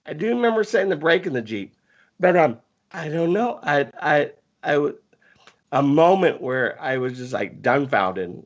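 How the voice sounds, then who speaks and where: Excitable high-voiced man telling a story. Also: moderate pace, dull audio. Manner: animated, stammering restarts. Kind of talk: casual storytelling.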